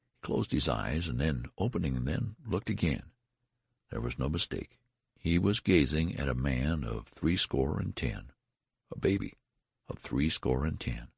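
A man narrating a literary story in an expressive, theatrical reading. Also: rumbling low, vocal fry, slightly rough, no room sound, studio quality. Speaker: audiobook narrator.

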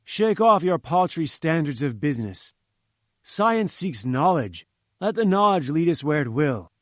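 A man's voice: a little high, big pitch swings, unhurried, dry recording, studio quality. A man voicing a domineering older male scientist, speaking in a commanding, dismissive and grandly emphatic way. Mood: angry, lofty. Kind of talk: audiobook character reading.

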